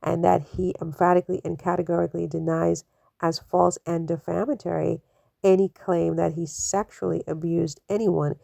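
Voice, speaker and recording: With a lowish, dark voice, vocal fry and little pitch movement, this commentary channel host speaks at a moderate pace without echo. She's skeptical, piling up rhetorical questions and peppering them with "you know" and other fillers.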